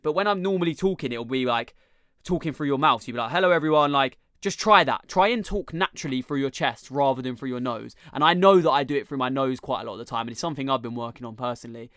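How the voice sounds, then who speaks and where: A man's voice: mid-range voice, fast talker, a bit bright, no echo, studio quality. A young man hosting a casual advice chat, enthusiastic and full of slang.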